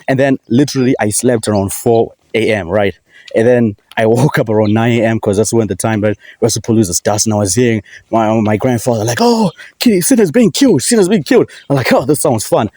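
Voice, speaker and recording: A young African man vlogs a casual solo rant about wrestling, rambling, cursing and laughing often. His voice sits on the low side with a warm tone, and the recording is dry.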